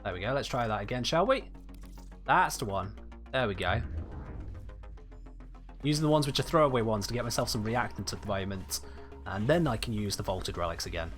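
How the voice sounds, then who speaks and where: Chatty and animated, this young gaming streamer from Birmingham, England, speaks with a Southern English accent, responding to viewer chat during a casual live stream. His fairly low, fairly bright voice moves a little fast with frequent pauses, and faint music plays behind him.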